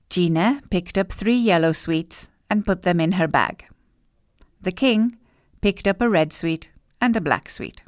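A woman narrating a children's storybook in an expressive, clear, unhurried way. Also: fairly low pitch, no echo, studio quality.

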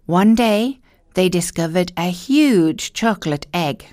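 A woman narrating a children's fairy tale in a slow, expressive storytelling manner. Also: fairly low pitch, no echo, studio quality.

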